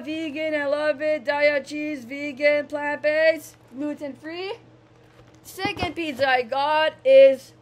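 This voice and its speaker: A young woman from Canada vlogging casually, repeating herself and gushing with excitement. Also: high voice. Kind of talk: casual vlog monologue.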